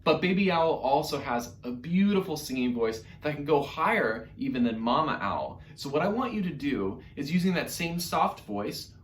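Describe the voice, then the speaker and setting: A man's voice: on the high side, echoey room. A man teaching an online music lesson to children in a playful, encouraging way.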